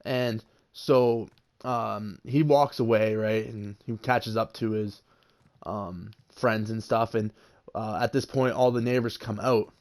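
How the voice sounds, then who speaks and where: A man's voice: on the low side, a little mellow. A young man casually telling a story about a confrontation, swearing freely and raising his voice when he quotes people. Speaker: vlogger.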